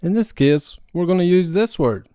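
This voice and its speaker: A man's voice: high-pitched, expressive, moderate pace, dark tone, no echo, clean studio sound. A man who is a language learner, giving a casual pronunciation lesson and repeating sounds to demonstrate them.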